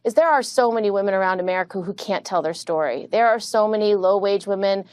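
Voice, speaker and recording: A woman senator answering in a TV news interview, earnest and measured with some hesitant fillers. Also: mid-range voice, a little mellow, dry recording.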